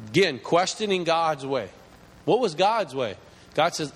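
A man's voice: expressive, moderate pace. A man preaching a sermon to his congregation, growing impassioned as he speaks. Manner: impassioned preaching, rising pitch as he builds. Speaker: pastor. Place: church hall. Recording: long reverb of a large hall.

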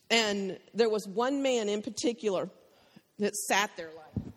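A woman giving a church testimony, telling her story with emotion and frequent laughter. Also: mid-range voice. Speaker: missionary speaker. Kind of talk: testimony sermon. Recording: long hall reverb.

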